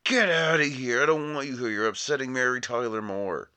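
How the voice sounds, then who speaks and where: A man's voice: medium pitch, a little fast, sharp tone, voice pushed up, lightly acted. A man doing a mock impression of an indignant older male movie star ranting on set. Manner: gruff, dismissive rant.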